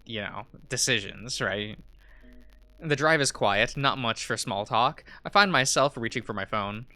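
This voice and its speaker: A man's voice: medium pitch, unhurried, pushed and bright. A man streaming a visual novel, reading it aloud with chuckling asides.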